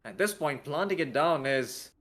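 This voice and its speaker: Joking esports caster, higher male voice. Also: expressive, normal speed, fairly bright tone. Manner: joking, explanatory, with trailing self-deprecating asides. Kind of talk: live color commentary.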